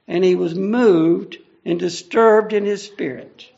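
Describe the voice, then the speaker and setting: High, gravelly male preacher, lo-fi. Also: slow pace, a little mellow. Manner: earnest, conversational, explaining each verse. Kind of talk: verse-by-verse Bible teaching. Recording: dull lo-fi recording.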